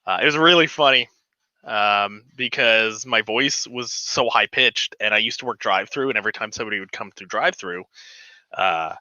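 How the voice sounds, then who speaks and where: A man with a bright, sharp voice rambles through a casual home livestream, filling gaps with "uh" and "um" and getting excitable. The sound is dry and close but a little dull and lo-fi. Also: lowish voice, moderate pace, clear, resonant tone, dry recording. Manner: rambling, chatty, lots of fillers; gets excited and giddy. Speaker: livestream host. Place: home model railroad room.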